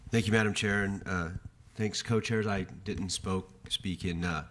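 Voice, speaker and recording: A man on the committee begins speaking with hesitation, tripping over his first words. His voice is very deep and low. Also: steady tone, a little slow, a bit bright, slight background noise. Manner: hesitant, stumbling opening remarks. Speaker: legislator on the committee.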